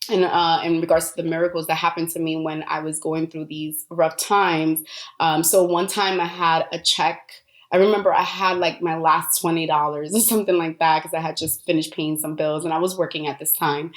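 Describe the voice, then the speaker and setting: A woman hosting a solo podcast, telling personal stories in a chatty way with many fillers. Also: deep voice. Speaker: podcast host. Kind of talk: casual solo podcast talk.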